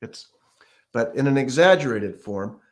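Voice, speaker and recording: A man's voice: medium pitch, unhurried. Man teaching ukulele, counting beats. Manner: relaxed, explains step by step, counts beats aloud and scats rhythms. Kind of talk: casual music lesson. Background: ukulele playing.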